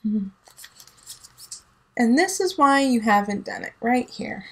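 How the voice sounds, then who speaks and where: A woman's voice: on the high side, normal speed, a bit bright, low-quality recording. A woman giving a casual tarot reading, emphatic and teasing, laughing often, with a son at home. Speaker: tarot reader.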